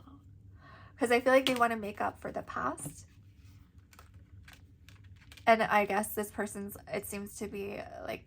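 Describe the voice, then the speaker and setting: A woman's voice: mid-range voice, creaky, a little hiss or hum. A young woman doing a casual tarot reading, chatty and giggly, with lots of "like" and "um". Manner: chatty, giggly, filler-heavy. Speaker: tarot reader.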